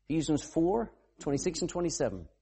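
Male pastor mid-sermon, husky voice, pitch rising and falling freely, quizzes the room. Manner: calls on readers and questions the congregation; bursts into shouting for emphasis.

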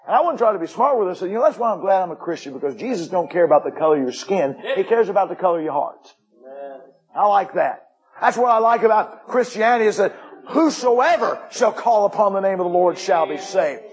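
A middle-aged man preaching to a congregation, his voice slightly raised in pitch and husky at the edges. He talks in a folksy way, swinging from lively humor down to quiet, earnest moments. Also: fast talker, poor audio. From United States. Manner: folksy, swings from upbeat jokes to hushed intensity. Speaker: missionary pastor. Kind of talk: sermon with personal stories.

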